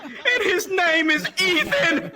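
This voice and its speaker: A man voicing a sweet, injured teenage Christian schoolgirl in a high, shrill voice that rises toward a joyful cry. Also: expressive, slow pace, very noisy, exaggerated voice. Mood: ecstatic.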